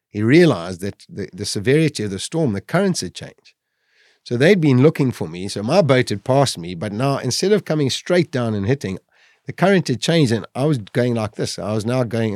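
A man's voice: lowish voice, a little mellow, no room sound, studio quality. A man telling a survival story as an interview guest, acting out the words he and others once said. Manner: vivid storytelling that acts out its own remembered speech.

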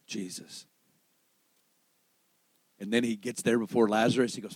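A man preaching a sermon to a church service, swinging between loud, raised peaks and hushed, low lines and acting out the voices of the people in his story. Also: flat delivery, measured pace, long pauses, slightly rough, no echo, low-quality recording. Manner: acts out quoted voices in storytelling.

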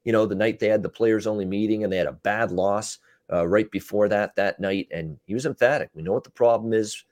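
A man with a North American accent and a lowish voice breaks down last night's games. He talks casually, filling gaps with "uh", and the sound is dry and close. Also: a little mellow, no echo. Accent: North American English. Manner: quick recaps with frequent "uh" fillers. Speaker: podcast co-host, betting analyst. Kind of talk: casual sports betting chat.

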